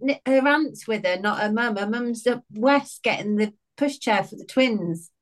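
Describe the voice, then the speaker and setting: A British woman chimes into a casual podcast chat to fill in details for the others. Her voice sits a little on the high side. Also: animated, normal speed. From Britain. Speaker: podcast co-host.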